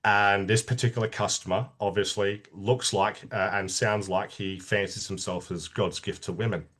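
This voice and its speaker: A middle-aged Australian man, an army veteran guest telling stories in a casual interview, halting with frequent restarts and laughing as he talks. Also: lowish voice, fairly even intonation, fairly bright tone.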